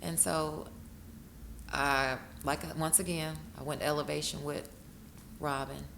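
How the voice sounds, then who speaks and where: A woman, a guest telling her story in an interview, emotional and quick to break into laughing retellings. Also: steady tone, creaky, a bit bright. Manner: emotional, bursts into laughing high-pitched retellings. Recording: echoey room with noticeable noise.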